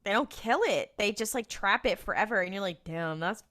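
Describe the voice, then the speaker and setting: A woman co-hosting a podcast recaps an episode in a chatty, casual way, her medium-pitched, fairly bright voice moving fairly quickly. She acts out the characters' lines as she tells it.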